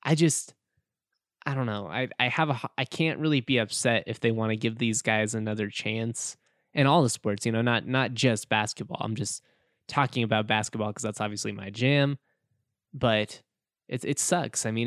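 A man's voice: on the low side, steady tone, normal speed, clean tone, no echo, studio quality. A young man hosting a casual solo sports podcast, chatty and self-joking, laughing often.

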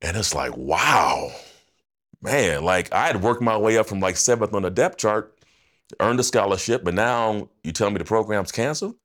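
A deep, low-voiced man in his fifties tells his story as a podcast guest. He is animated and slangy, and laughs often as he goes. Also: normal speed. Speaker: guest, former football player.

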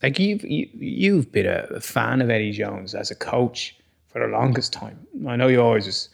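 Male co-host, gravelly voice, blunt and opinionated. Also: medium pitch, expressive, normal speed. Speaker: podcast co-host. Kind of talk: casual sports chat.

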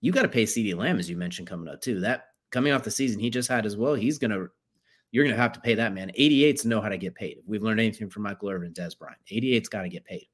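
Man, sports co-host, fast and conversational, a bit low in pitch. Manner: conversational, reasoning aloud, uses "like" fillers. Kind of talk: casual sports talk.

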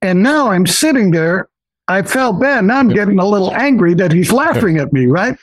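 An older man telling personal stories as a guest in an interview, animated and often acting out the voices of others. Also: sits high, moderate pace, no room sound, poor audio. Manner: animated, acts out quoted voices, many restarts. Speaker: guest investor. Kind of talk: personal storytelling in a podcast interview.

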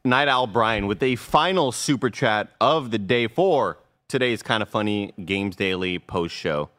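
A man's voice: on the low side, a little slow, fairly bright tone, dry recording. A man hosting a casual gaming podcast, reading out super chats with jokes and playful asides. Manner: joking, does mock accents while reading.

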